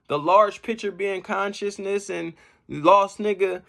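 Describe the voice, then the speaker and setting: A man giving casual, slangy commentary on rap battle bars. He reacts with laughs and shouts as he explains each line. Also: sits high, measured pace, gravelly. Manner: slangy street talk. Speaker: battle rap breakdown host.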